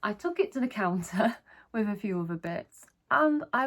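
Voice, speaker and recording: A woman's voice: mid-range voice, expressive, moderate pace, a bit bright. A woman chatting casually in a haul vlog, gushing enthusiastically over each item she shows. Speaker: vlogger. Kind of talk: casual haul video chat.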